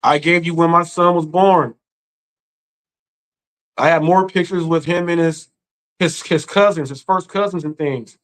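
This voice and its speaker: A man with a fairly high voice, grieving as he talks on a live stream. His delivery is earnest and halting, full of restarts and repeated words, as in an unscripted emotional talk. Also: low-quality recording. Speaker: live-stream commentary host.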